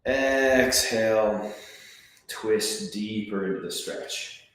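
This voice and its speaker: A man coaching a breathwork class, calmly counting and giving gentle step-by-step cues. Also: mid-range voice, takes it slowly, slight background noise. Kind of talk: guided breathwork class instruction. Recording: very echoey room.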